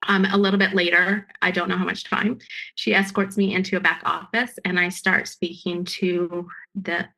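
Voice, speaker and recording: A woman's voice: fairly low pitch, level tone, normal speed, bright, forceful tone, rough recording. A woman telling her own story as a guest, earnest and emphatic, often restarting her sentences. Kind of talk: personal storytelling.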